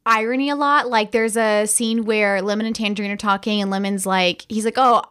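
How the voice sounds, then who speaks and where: A woman's voice: mid-range voice, fairly even intonation, a little fast, a bit bright, clear, resonant tone. A woman co-hosting a casual movie review podcast, enthusiastically recapping scenes and quoting lines. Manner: enthusiastic, quotes lines from the film. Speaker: podcast co-host.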